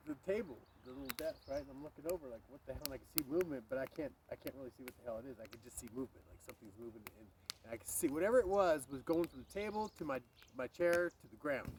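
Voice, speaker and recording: A man telling a spooky childhood story outdoors in a rambling, animated way, swearing and breaking off for passing cars. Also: a little high. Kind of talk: casual outdoor storytelling to camera. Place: outdoors by a street. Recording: street traffic noise behind.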